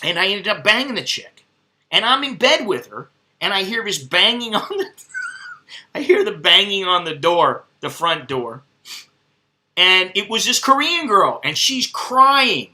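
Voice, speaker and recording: Man, middle-aged, high-pitched, piercing tense tone, casual profane vlog storytelling, rambling. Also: big pitch swings, measured pace, bright, forceful tone. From United States. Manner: crude, profane, rambling anecdotes. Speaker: vlogger.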